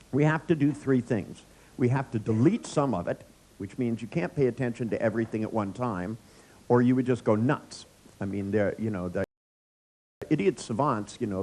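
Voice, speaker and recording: Male workshop leader, irreverent anecdotal style, quick to laugh at his own stories. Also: medium pitch, darkish tone. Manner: joking storyteller, laughs often; blunt, irreverent. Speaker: workshop trainer. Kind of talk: live workshop lecture. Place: workshop room with audience.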